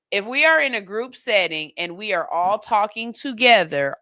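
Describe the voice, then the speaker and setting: A woman hosting a radio talk show, chatting casually with animated, playful energy and firm opinions. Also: mid-range voice, dry recording, studio quality. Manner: animated, playful, gushing, then firm and reasoned.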